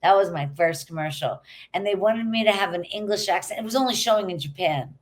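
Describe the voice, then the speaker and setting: A middle-aged actress chatting as a guest in an interview, telling stories in an animated way. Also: female voice, medium pitch, a little fast. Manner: chatty, animated storytelling with quoted asides. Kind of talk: casual interview chat.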